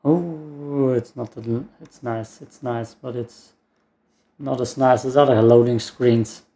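Slow gravelly man gaming. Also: medium pitch, steady tone, dark tone. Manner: meandering, mumbled asides. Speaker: gaming streamer. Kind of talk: let's play commentary.

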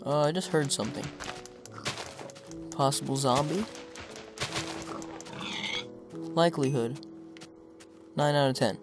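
A young man giving casual, self-mocking commentary over his own gameplay, chatting to viewers and breaking into excited outbursts at the game. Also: on the high side, normal speed. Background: background music.

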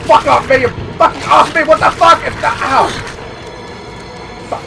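A man giving profane, jumpy let's-play commentary, yelling at the game as he plays. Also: very high-pitched, expressive, unhurried, gravelly, long pauses, music in the background. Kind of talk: gameplay commentary.

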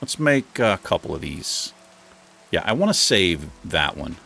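A man casually narrating his own game as he plays, chatting to the animals and now and then jumping into high, excited bursts. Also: measured pace, vocal fry, a little hiss or hum. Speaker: gaming host. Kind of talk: casual let's play commentary.

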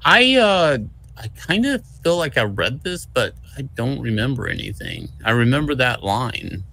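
A man co-hosting a casual comic review stream, speaking hesitantly and haltingly as he tries to remember. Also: mid-range voice, wildly swooping pitch, gravelly, bright, forceful tone. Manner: hesitant, halting, restarts while recalling. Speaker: co-host. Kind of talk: casual chat on a livestream.

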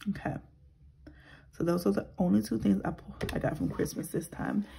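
A woman in her thirties chatting casually as a budgeting vlogger. She talks softly, slips into whispers while counting cash and rambles when she vents. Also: medium pitch, steady tone, normal speed, creaky, a little hiss or hum, low-quality recording. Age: 30s. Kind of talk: casual vlog chat.

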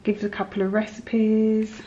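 A woman's voice: medium pitch, monotone, measured pace, dark tone, lo-fi sound. A woman chatting casually in her home kitchen, filming a homely, rambling vlog. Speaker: vlogger. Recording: echoey kitchen, clear background noise.

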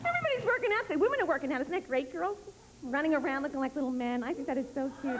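A woman's voice: high voice, animated, rapid-fire. A woman stand-up comedian doing a brash, teasing routine that often turns to the crowd. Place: comedy stage. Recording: loud background noise, 1991 club tape.

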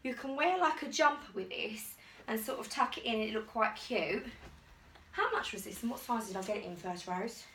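A woman's voice: a little high, lively intonation, moderate pace, fairly bright tone, slight background noise. A woman vlogging casually at home in a chatty, rambling, enthusiastic way while trying on clothes. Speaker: fashion vlogger. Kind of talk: casual try-on haul chat. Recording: echoey room, distant mic.

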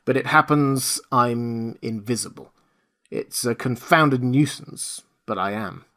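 A man narrating an audiobook gives voice to an irritable, indignant invisible stranger who protests haughtily. He pitches this character above his own voice, speaking a little high and expressively at normal speed with a fairly bright tone.

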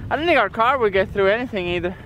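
High-voiced young man, easygoing vlog. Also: lively intonation, rapid-fire, bright, forceful tone, dull audio, a little hiss or hum. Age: 20s. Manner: easygoing, explaining with many fillers. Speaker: vlogger. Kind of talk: casual vlog talk. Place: outdoors on a snowy farm.

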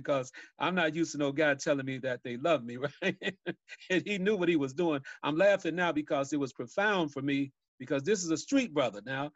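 A man's voice: a little high, no echo. Storytelling man on a dull, dry call. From Chicago. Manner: folksy storyteller, laughs at his own tales. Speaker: violence prevention guest speaker. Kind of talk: storytelling on a webinar.

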